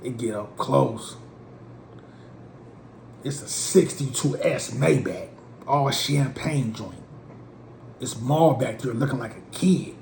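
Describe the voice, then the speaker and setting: A man from Portland telling a comic story in an animated, slangy way. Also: mid-range voice, slow pace, gravelly, long pauses, a little hiss or hum. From Portland, USA. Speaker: comedic storyteller. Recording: roomy with faint ambience.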